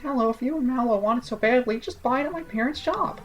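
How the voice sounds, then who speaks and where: A man's voice: very high-pitched, quick pace, fairly bright tone, faint music behind, pitched above the performer's own voice. A man voicing a bossy young village girl in a prim, scolding tone.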